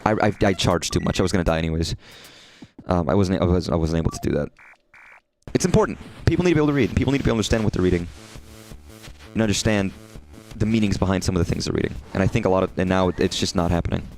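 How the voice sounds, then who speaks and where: A man's voice: deep voice, very fast, soft background music. A man chatting casually while streaming a game, rambling and swearing freely. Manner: rambling, profane, animated. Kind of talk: casual gameplay livestream chat.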